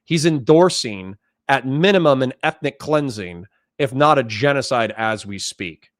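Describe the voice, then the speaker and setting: A man's voice: mid-range voice, animated, no room sound, clean studio sound. A man hosting a political stream, ranting angrily and swearing as he argues with callers. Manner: angry, profane, rapid ranting. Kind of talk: heated political debate.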